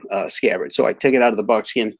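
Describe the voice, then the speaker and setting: A middle-aged man hosting a live stream, telling a rambling story full of halting restarts and reading out chat greetings. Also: fairly low pitch. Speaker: livestream host.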